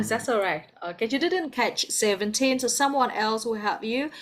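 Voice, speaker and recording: A woman's voice: on the high side, lively intonation, moderate pace. A woman with a Vietnamese accent teaching an English class over a video call, patient and encouraging, calling on students by name.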